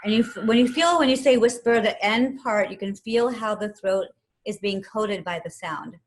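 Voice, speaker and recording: A woman teaching yoga and meditation, calmly guiding a breathing exercise step by step and counting the breaths aloud. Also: mid-range voice, moderate pace. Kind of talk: guided breathing instruction.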